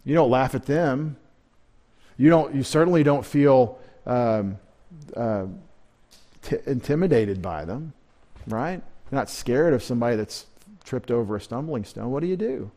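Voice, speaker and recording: A male pastor teaches scripture at a midweek service in a loose, conversational way. He wanders into asides and restarts his sentences as he goes. His voice sits at a medium pitch. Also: animated, measured pace, warm tone. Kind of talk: midweek Bible teaching sermon.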